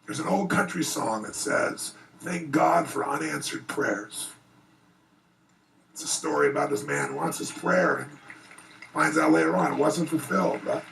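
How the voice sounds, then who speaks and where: A man speaking to an audience at a private event, telling a heartfelt personal story with earnest, animated delivery. His voice is gravelly and sits a bit high for a man, and he is picked up from some distance from the mic. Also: normal speed. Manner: earnest, animated, rising excitement in retellings. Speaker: motivational speaker. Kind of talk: emotional personal storytelling speech.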